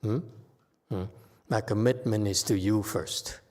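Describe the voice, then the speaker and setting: Slow, halting low-voiced male teacher. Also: fairly even intonation, darkish tone. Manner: slow, halting, frequent "okay?" tags. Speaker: Buddhist teacher. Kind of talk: informal Dharma talk. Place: temple hall.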